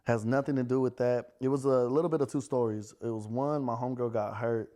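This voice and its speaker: Brief: American man, rapid-fire casual podcast storyteller, salty language, mid pitch. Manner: fast, profane, animated storyteller. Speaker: podcast guest, club promoter.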